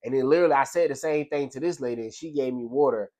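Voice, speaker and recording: A man's voice: medium pitch, very fast, mellow. A man, a delivery driver, giving a casual motivational talk in a loose, slangy storytelling manner. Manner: loose, slangy storytelling with frequent "you know what I'm saying". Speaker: delivery driver sharing life lessons.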